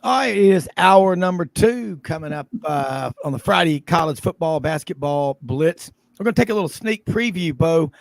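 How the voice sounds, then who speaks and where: Rambling high-voiced radio host. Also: male voice, animated, moderate pace, creaky, few pauses, no room sound. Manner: rambling with many fillers. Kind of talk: casual radio talk.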